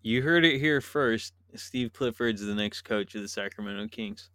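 A man's voice: on the low side, moderate pace, fairly bright tone, smooth, no echo. A man co-hosting a casual sports podcast, talking animatedly, laughing and acting out imagined quotes. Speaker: podcast co-host.

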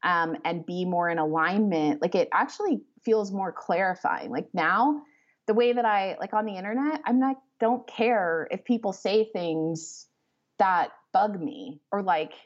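A woman author talking as a podcast guest, rambling and animated, with many fillers as she explains her ideas. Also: medium pitch, a little slow. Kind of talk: conversational interview. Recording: slightly muffled lo-fi audio.

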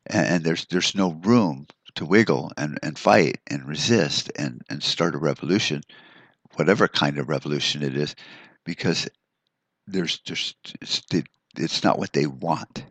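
A man's voice: extremely low pitch, unhurried, a bit bright, no echo. A man hosting a solo podcast, delivering a profane, rambling rant full of restarts. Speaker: podcast host. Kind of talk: ranting solo podcast monologue.

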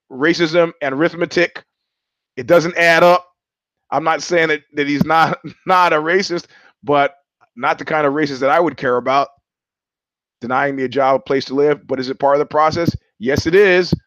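On his own live-stream, a man hosts a solo monologue in a mid-range, fairly bright voice with no echo. His talk is wry and rambling, with frequent laughs, and the stream's audio is slightly dull.

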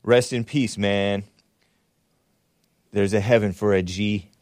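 A man hosting his own commentary show, swinging between loud mocking outbursts and low muttering asides. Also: steady tone, slow, no echo, studio quality. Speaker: host.

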